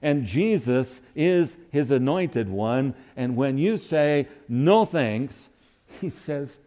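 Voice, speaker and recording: A man's voice: medium pitch, lively intonation, takes it slowly, mellow. A man preaching a sermon who acts out quoted lines with sudden rises and dips in his voice.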